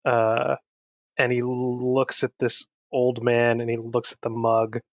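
A man taking part in a tabletop game, working through his character's choices aloud with plenty of ums and pauses. His mid-pitched voice comes through a dull, lo-fi mic with a dry, close sound. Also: completely flat delivery, dry recording. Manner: hesitant, thinking aloud with many fillers. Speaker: player.

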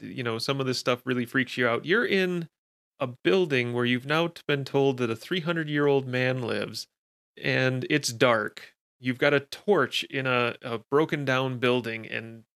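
Game master, male, crisp bright tone, casual scene narration. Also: mid-range voice. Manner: casual, descriptive, with fillers.

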